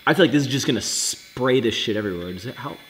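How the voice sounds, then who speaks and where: Young male vlogger, jokey and animated, lively pitch, faint noise in the recording. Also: quick pace. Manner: animated, joking, swings between loud excitement and low mutters. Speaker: fitness vlogger. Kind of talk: casual vlog to camera.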